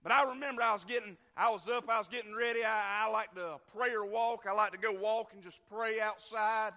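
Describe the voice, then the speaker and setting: Briskly and with fairly even intonation, a traveling preacher preaches his sermon in a bright, high voice. His storytelling is heartfelt, lurching from loud bursts to near-whispers, and long reverb suggests a church hall.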